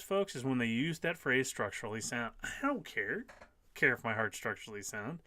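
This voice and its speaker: A man in his fifties hosts a casual live stream, reading comments from viewers and responding emphatically while frequently repeating key phrases. He speaks at a moderate pace and medium pitch, with a sharp tone and a sing-song delivery.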